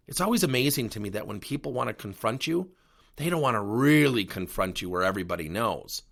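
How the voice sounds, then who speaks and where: A middle-aged workplace coach hosts a solo podcast in a lowish, brisk, gravelly voice. He tells stories animatedly and acts out the conversations as he goes.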